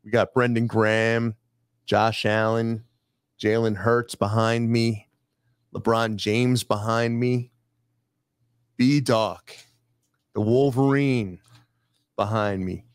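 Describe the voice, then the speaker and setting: A man hosting a casual studio chat, brisk and jokey as he runs through a list of items. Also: lowish voice, flat delivery, clean tone, no echo. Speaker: host. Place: studio filled with sports memorabilia.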